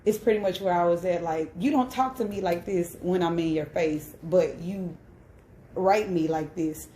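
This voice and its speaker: A woman's voice: on the low side, moderate pace, dark tone, a little hiss or hum. Candid woman telling her story in an echoey room. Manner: candid and emphatic, with frequent "right?" tag questions. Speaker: host. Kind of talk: personal storytelling on a live stream.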